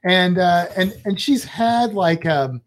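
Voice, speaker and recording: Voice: mid-range voice, animated, slow. A travel vlogger in casual chat, rambling and chatty with playful asides.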